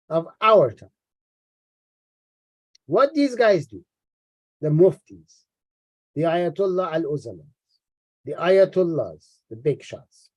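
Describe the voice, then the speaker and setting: High-pitched, sarcastic male commentator. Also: dark tone, dry recording. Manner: mocking and sarcastic, with frequent repeats and asides. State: tired. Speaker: religious critic reading and commenting on a book. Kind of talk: sarcastic lecture-style commentary.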